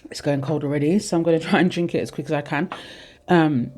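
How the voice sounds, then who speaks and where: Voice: mid-range voice, steady tone, fast, a little mellow, soft background music. A tarot reader in their thirties giving a casual reading, rambling and heartfelt as they speak straight to the viewers. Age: 30s.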